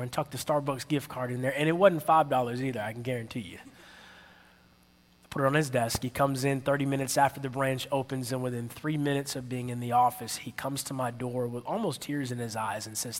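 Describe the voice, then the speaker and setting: A man preaching a sermon, telling a story with lively energy and calling out to his audience. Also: mid-range voice, brisk. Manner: animated storytelling, calls out to the audience. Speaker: pastor. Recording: long hall reverb.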